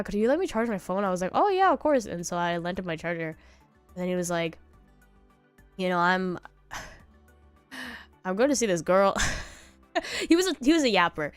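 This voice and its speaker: A woman's voice: lowish voice, clear, resonant tone, dry recording. A young woman streaming from home, chatting casually and telling rambling stories in a loose, laughing way. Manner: rambling storytelling with laughs and quoted voices.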